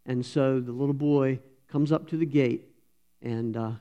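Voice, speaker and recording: A man, a pastor telling a sermon story in a folksy, animated way and voicing the characters. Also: medium pitch, a little slow. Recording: slightly dull lo-fi sound.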